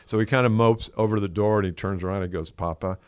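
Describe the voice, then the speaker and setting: An older man with a deep, low voice talks on a podcast, spinning anecdotes in a relaxed, conversational way. He acts out the quoted lines of the people in his stories. The recording is close and dry, with no room sound. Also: racing, clear, resonant tone, no room sound. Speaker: podcast co-host. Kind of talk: casual podcast chat.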